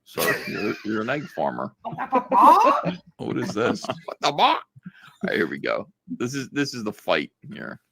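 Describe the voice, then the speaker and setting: A man's voice: mid-range voice, wildly swooping pitch, a little slow, creaky, bright, forceful tone, breathy edge. A man hosting a live stream in casual chat, laughing often as he reacts to clips.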